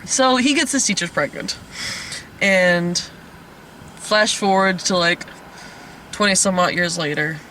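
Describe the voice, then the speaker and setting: Man, high bright voice, rambling casual movie recap, faint background noise. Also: measured pace, long pauses. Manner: rambling, laughs often. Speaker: host of a movie review podcast. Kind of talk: casual comedic movie review.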